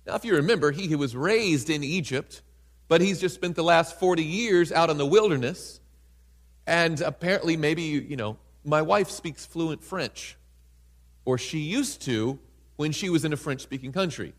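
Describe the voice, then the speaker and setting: A man delivers an animated sermon and acts out the scripture quotes, laughing often. His voice sits high and swings widely in pitch. The sound rings with long hall reverb. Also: moderate pace. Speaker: preacher.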